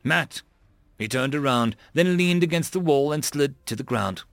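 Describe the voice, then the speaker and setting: A man narrating an audiobook in an expressive voice, voicing many characters. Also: mid-range voice, normal speed, no room sound, clean studio sound.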